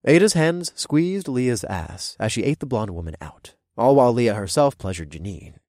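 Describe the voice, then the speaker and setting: A man reading a first-person story aloud, his voice rising and falling in lively swings around a middle pitch. The recording is dry and close, with no room sound. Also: moderate pace, dry recording. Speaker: narrator. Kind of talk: first-person scripted narration.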